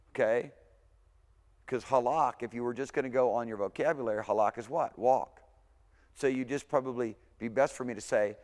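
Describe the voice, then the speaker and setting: This recorded university lecture features a male Hebrew instructor with a mid-range pitch who speaks casually and conversationally. Frequently saying "okay," he works on pronunciation by saying words slowly again, and his voice echoes through the hall.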